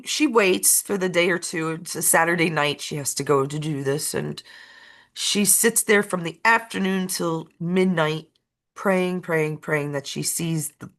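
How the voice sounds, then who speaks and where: A woman's voice: sits low, a little slow, a bit bright. A woman co-hosting a casual chat who tells a story with emotional repetition and an uneven pace. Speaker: co-host.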